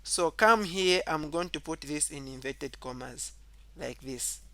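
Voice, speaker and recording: A man's voice: unhurried, no room sound. A man teaching a grammar lesson, explaining step by step, repeating key points and saying "okay" often, and reading example sentences aloud with extra emphasis. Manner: reads example sentences aloud louder and higher.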